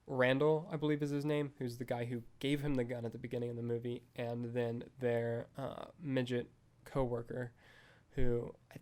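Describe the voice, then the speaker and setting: In a casual podcast chat reviewing a film, a young man rambles along in a flat, mid-range voice. He leans heavily on "like" and "um."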